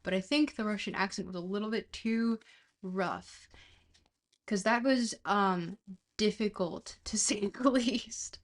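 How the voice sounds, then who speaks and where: A woman's voice: medium pitch, unhurried. A woman streamer chatting casually with viewers, talking in loose bits that trail off and restart, and laughing at herself. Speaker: livestreamer reading a book aloud. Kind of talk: casual livestream chat.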